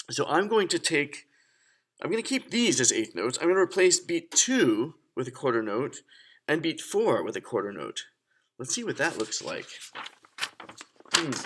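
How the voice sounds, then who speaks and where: A man's voice: on the high side, a bit bright, slightly rough. A young man teaching a children's music lesson, counting and chanting rhythms aloud in an upbeat way.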